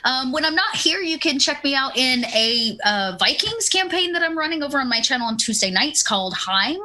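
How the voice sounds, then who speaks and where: A woman's voice: high voice, expressive, a little fast, pushed and bright. A woman game master chatting playfully on a stream outro, with many fillers and hesitations. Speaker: game master, guest player. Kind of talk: casual stream outro chat.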